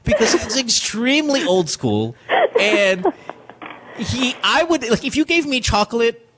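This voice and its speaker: A man's voice: extremely high pitch, sing-song, measured pace, background noise. A man hosting a casual advice show, brash, teasing and emphatic as he gives tips. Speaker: host.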